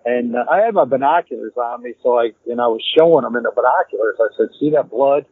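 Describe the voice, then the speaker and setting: A man, a hunter and podcast guest, telling a story in a rambling, animated way and repeating "I said" as he acts out the dialogue. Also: medium pitch, fast, breathy edge, no echo. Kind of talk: casual storytelling. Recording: tinny phone-like, dry.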